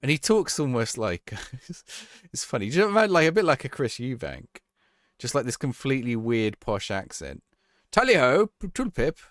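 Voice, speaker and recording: A man's voice: medium pitch, sing-song, normal speed, dry recording, clean studio sound. A man streaming a football management game, chatting casually and answering viewers' questions as he plays. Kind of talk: live-stream gameplay chat.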